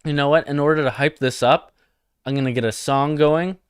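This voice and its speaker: A man's voice: on the high side, steady tone, fairly quick, clear, resonant tone, no room sound, studio quality. A young man hosting a satirical comedy livestream, talking provocatively and mockingly and reading comments from chat.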